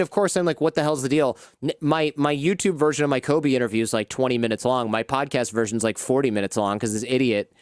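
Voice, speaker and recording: A man telling lively anecdotes in a casual interview, acting out the people in his stories. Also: medium pitch, fast talker, clean tone, dry recording, clean studio sound. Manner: animated anecdotes, acts out quoted people. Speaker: podcast host as guest.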